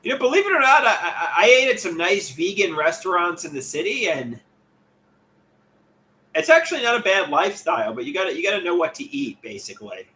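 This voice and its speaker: A man's voice: sits high, big pitch swings, a little fast, sharp tone. A man hosting a casual livestream, rambling and chatty as he reads out viewer comments and greets them by name. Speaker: livestream host.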